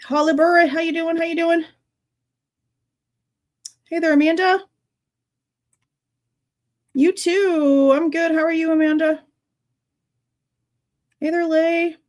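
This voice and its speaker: A woman's voice: extremely high pitch, fairly even intonation, slow, pauses often, darkish tone. A young woman hosting a true crime livestream, chatting casually, sounding exasperated and greeting viewers in the chat by name. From Texas.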